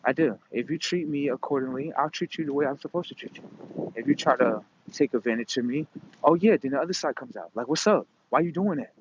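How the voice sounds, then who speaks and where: A man's voice: mid-range voice, brisk, a little hiss or hum. A man in a profane, rambling, emphatic casual monologue. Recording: dull lo-fi recording.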